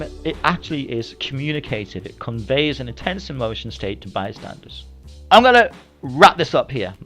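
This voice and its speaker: Blunt man vlogging about language. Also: mid-range voice. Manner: conversational, blunt, swears freely. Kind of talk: casual spoken essay to camera.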